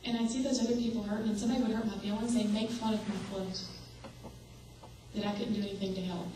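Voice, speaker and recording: A woman's voice: medium pitch, steady tone, fast talker, dark tone. A young woman preaches with earnest conviction and puts questions straight to the people in front of her. Her voice comes from some distance off the mic and carries a strong echo, as in a large hall. Faint room noise sits under it. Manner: earnest, asks the audience direct questions. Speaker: speaker. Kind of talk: sermon. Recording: echoey hall, voice from far off.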